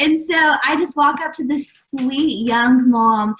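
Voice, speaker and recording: A woman's voice: high voice, measured pace, hardly any pauses, a bit bright. A young woman guest in a casual interview, telling a story earnestly, with many fillers, acting out what others said. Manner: earnest, many "like" fillers, acts out quoted dialogue. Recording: echoey room.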